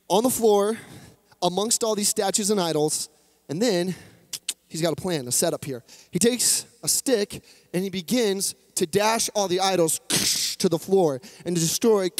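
A man's voice: high voice, a little mellow. A man preaching a sermon, retelling an old story in a chatty, humorous way with playful asides. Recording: long hall reverb.

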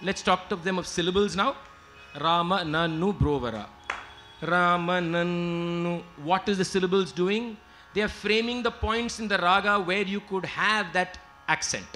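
A man's voice: high-pitched, moderate pace, sharp tone, slight background noise. A man giving an emphatic lecture-demonstration on music, explaining and stopping to sing short examples. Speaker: lecturer and singer. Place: lecture hall with live musicians.

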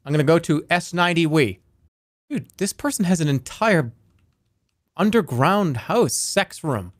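A man's voice: a little high, animated, a little slow, dry recording, clean studio sound. A man streaming a game live, rambling playfully and reading viewer messages aloud.

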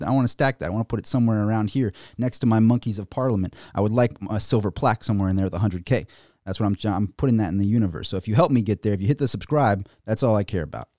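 A man hosting a casual livestream and ranting about the markets, excitable and rambling, with many restarts. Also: on the low side, no echo, clean studio sound. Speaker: finance YouTuber.

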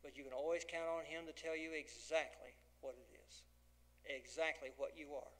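A man's voice: a little high, steady tone, moderate pace, fairly bright tone. A man preaching a folksy, dramatic sermon as pastor, acting out the dialogue of the scripture.

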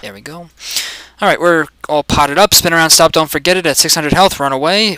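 A young man giving casual gameplay commentary, swearing and joking, swinging between loud excitement and mumbling asides. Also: a little high, normal speed, clear, resonant tone, dry recording, rough recording. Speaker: video game commentator.

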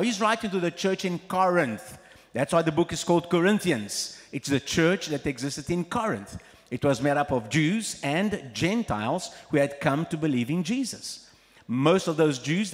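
A man preaching an Easter sermon as pastor, telling the story in an animated way and playing out the voices of the people in it. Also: a little high, big-room sound. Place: church hall.

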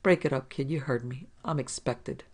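A narrator voicing a terse young male detective, flat and clipped in a 1940s crime story. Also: medium pitch, normal speed, lightly acted. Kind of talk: audiobook reading.

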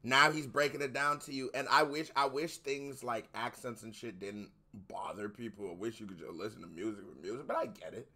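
Young American reaction host, bright voice, loose and animated. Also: male voice, mid-range voice, brisk, few pauses. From United States. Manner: animated, swearing, talks over the track. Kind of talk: casual reaction commentary.

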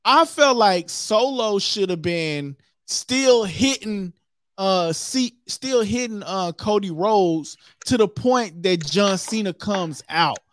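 A co-host in a casual wrestling chat, telling things in an animated way and acting them out with sound effects. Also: mid-range voice, takes it slowly, no room sound. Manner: animated, acts out what happened with sound effects.

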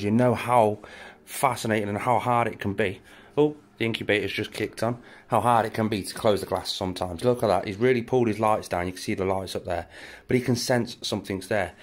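A British man, a reptile keeper and channel host, chatting casually as he walks through his reptile room at night and talks to his animals. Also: on the low side. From England. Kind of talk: casual walk-through narration.

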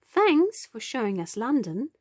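A woman's voice: a little high, very animated, unhurried, a little mellow, dry recording, studio quality, voice pushed up. A woman doing a kind young boy. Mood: earnest. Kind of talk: storybook reading.

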